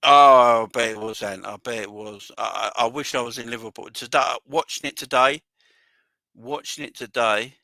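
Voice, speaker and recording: A man hosting a casual livestream, talking in a bright, forceful voice that wavers with emotion. He rambles excitedly and keeps shouting out viewers in the chat. The sound is dry and close. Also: medium pitch, normal speed, no echo. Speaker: fan channel livestream host.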